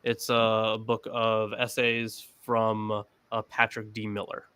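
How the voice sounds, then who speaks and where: Hesitant man reading citations, flat delivery. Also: lowish voice, slow pace, clean tone. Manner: hesitant, many fillers and restarts. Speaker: panel member reading from a book. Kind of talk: casual discussion, reading citations aloud.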